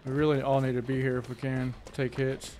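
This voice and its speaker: A man hosting a gaming livestream speaks fairly quickly at medium pitch, with a little hiss or hum in the audio. He shouts excited, urgent callouts mid-play and jokes laid-back with friends and chat between rounds.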